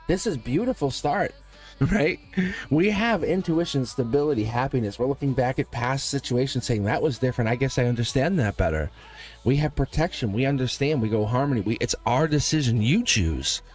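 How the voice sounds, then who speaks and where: A man hosting a live tarot stream, talking straight to his viewers in an animated way and laughing often. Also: medium pitch, moderate pace, faint music behind.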